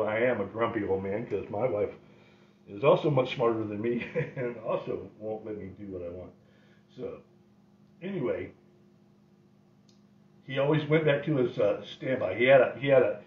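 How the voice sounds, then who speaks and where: A man's voice: medium pitch, moderate pace. Wry middle-aged guy rambling through old stories, chuckles a lot, roomy slightly dull sound. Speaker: host. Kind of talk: casual storytelling.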